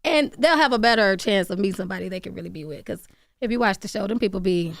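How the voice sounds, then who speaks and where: A woman in her late thirties, a comedian guest chatting on a radio show, loud and laughing, swearing freely. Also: mid-range voice, expressive, fast, vocal fry, dry recording. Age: 30s. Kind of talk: casual radio interview chat.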